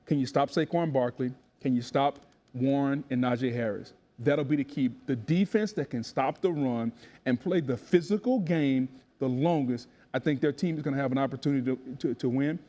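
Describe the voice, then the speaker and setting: A man analysing football in a studio, emphatic and punchy, punctuating his points with 'boom'. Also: normal speed, mellow. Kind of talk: sports analysis talk.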